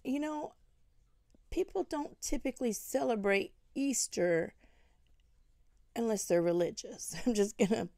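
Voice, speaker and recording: Scolding woman with a gravelly, mellow voice. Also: on the high side, a little slow, pauses often, no room sound, clean studio sound. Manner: scolding, indignant, rhetorical questions. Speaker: commentary vlogger. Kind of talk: critical commentary addressed to another creator.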